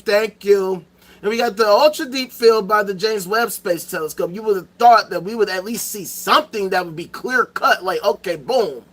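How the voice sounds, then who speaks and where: High-voiced man in a profane rant. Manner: animated, profane, repetitive ranting. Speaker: host. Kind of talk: ranting commentary.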